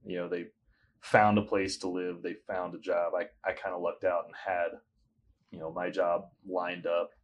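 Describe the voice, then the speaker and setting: Young guy with a really low voice, rambly and laid-back, guest on a chat podcast. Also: normal speed, lo-fi sound, a little hiss or hum. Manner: relaxed, rambling with fillers and sarcastic asides. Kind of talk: casual interview chat.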